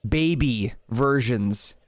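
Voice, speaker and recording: A man narrating a tabletop game as dungeon master, setting scenes calmly and chatting casually between rolls. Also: mid-range voice, drawn-out words, heavy background noise. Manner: calm, descriptive scene-setting with casual asides.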